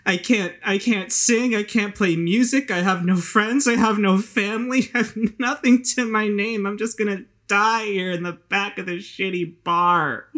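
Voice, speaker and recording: GM putting on a hopeless young woman, drunk and cursed: high, halting, self-pitying, keeps repeating herself. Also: fairly even intonation, fairly bright tone, lightly acted. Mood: despairing.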